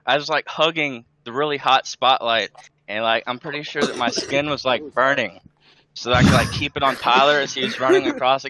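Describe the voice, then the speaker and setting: A man's voice: mid-range voice, fairly even intonation, fairly quick, crowd noise, rough recording. A man on a casual group voice call, eagerly telling a story full of "like" and "dude". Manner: chatty, eager storyteller, says "like" and "dude" a lot. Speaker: call participant, former stagehand.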